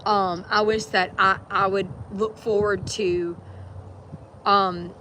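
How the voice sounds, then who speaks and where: A woman's voice: medium pitch, fairly bright tone. Earnest rambling woman, traffic noise behind. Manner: earnest, rambling, many fillers and restarts. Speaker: livestreamer. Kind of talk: casual faith talk on a livestream.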